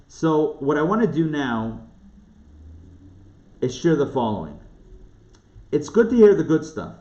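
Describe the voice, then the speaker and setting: This man has a fairly high, darkish voice and teaches Torah informally as a rabbi in a live online class. He keeps it conversational and puts questions to his listeners. The recording is lo-fi and dull, and the room echoes.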